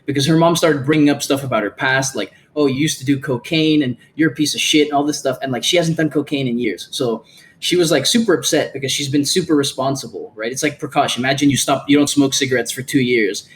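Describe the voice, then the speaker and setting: A man's voice: medium pitch, slight background noise. A man hosting a podcast, chatting casually and animatedly, swearing freely and acting out the lines of people in his stories. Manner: animated, profane, acts out quoted lines. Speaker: podcast host.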